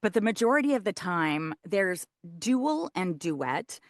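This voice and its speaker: A woman audiobook narrator, a guest in a casual interview, explaining her work in an animated way. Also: mid-range voice, unhurried, dry recording, clean studio sound. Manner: animated, shows voice placement while explaining.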